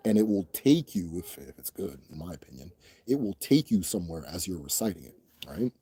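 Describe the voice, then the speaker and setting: A man's voice: on the low side, dark tone, slightly rough, dry recording. A young man hosting a casual question-and-answer chat, talking loosely and profanely, laughing often and breaking into mimicked voices. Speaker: host answering viewer questions.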